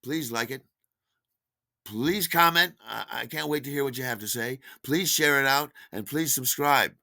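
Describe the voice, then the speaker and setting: A man hosting a podcast, telling a comic anecdote in an animated way and acting out the other people's lines. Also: medium pitch, moderate pace, vocal fry, dry recording, clean studio sound. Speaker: podcast host.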